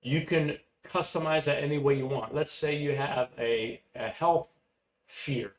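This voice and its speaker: Male motivational coach, mid-pitched, energetic and repetitive delivery, roomy echo with faint background hum. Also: measured pace. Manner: energetic, emphatic, repeats key phrases. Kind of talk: live online masterclass teaching. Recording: roomy echoey room with faint ambience.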